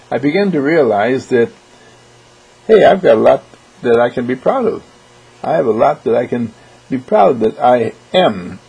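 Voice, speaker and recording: A man giving a motivational talk, animated and often clearing his throat. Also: mid-range voice, low-quality recording. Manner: animated, acts out quoted voices. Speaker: motivational speaker.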